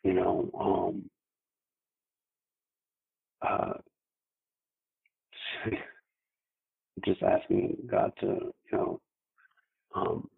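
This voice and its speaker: A man calling in to tell a frightening personal story, halting and repeating his words with many fillers. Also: deep voice, little pitch movement, gravelly, husky, narrow, tinny audio.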